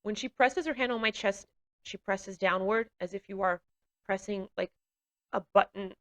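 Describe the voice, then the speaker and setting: Bright-voiced woman giving a testimony. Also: mid-range voice. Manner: earnest, halting, with fillers and restarts; grows emotional while recounting. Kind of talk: personal testimony.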